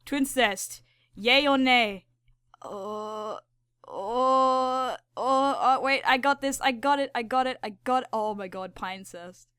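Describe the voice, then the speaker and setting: A woman's voice: a little high, normal speed, fairly bright tone, clear, resonant tone, no room sound, clean studio sound. A woman hosting her own channel, giving rambling, profane, giggly casual commentary while she draws. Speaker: channel host.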